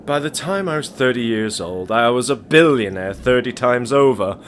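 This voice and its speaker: Dude putting on a cold ancient rich guy, slow and stern, bit of a twang, swings all over in pitch. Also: animated, soft background music, lightly acted. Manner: stern, deliberate, slight twang. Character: ruthless ancient male billionaire ruler. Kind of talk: amateur voice acting monologue.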